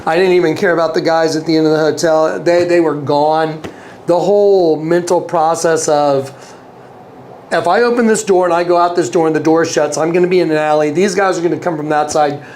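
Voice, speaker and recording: A man's voice: fairly high pitch, steady tone, a little fast, darkish tone, slight background noise. A man telling a personal story as an interview guest, earnest, often repeating himself and acting out quoted dialogue. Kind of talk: casual storytelling.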